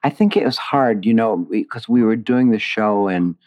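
A man with a very low, deep voice speaks in a relaxed interview. He talks reflectively and digressively, circling back and restarting his thoughts as he explains his work. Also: moderate pace. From Indiana, USA. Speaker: playwright and author being interviewed. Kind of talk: casual interview conversation.

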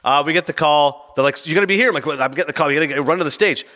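A man in casual radio-show chat, telling an animated story and acting out bits of dialogue. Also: a little high. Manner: animated, acts out dialogue in quick bursts.

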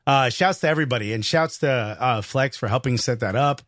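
A man with a New York accent, a comedian co-hosting a podcast and telling an excited, slangy story in casual chat. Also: mid-range voice, brisk, dry recording, studio quality.

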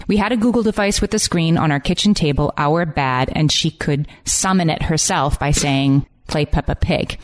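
A woman in her forties co-hosting a podcast, reading listener posts aloud in an upbeat chat. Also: on the low side. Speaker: podcast co-host.

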